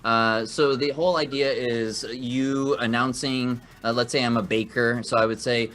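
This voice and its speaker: A man's voice: medium pitch, steady tone, moderate pace, fairly bright tone. A man hosting a live improv comedy game show, upbeat and encouraging, laughing often.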